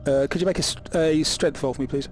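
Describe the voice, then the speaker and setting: A man narrating as game master, often halting with restarts and ums. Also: on the high side, fairly even intonation, soft background music.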